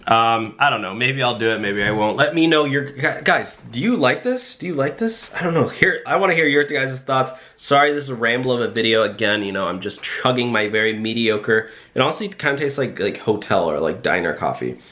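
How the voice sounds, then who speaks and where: Young male vlogger, mid-pitched, rambling, jokey, filler-heavy. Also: lively intonation, brisk, few pauses, bright, forceful tone. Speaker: rideshare driver and vlogger. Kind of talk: casual rambling vlog.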